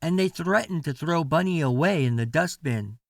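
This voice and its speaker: A man reading a children's storybook aloud as a bedtime story, slow and sing-song with lots of expression. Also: a little high, animated, no room sound, studio quality.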